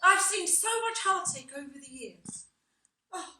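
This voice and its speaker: A woman's voice: extremely high pitch, expressive, a little slow, bright, forceful tone, slight background noise, exaggerated voice. An older woman acting in an amateur stage play, playing a chatty woman who rambles through old memories and laughs at her own asides. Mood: wistful. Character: chatty older woman reminiscing on a park bench. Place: theatre stage. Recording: roomy hall sound from a distant mic.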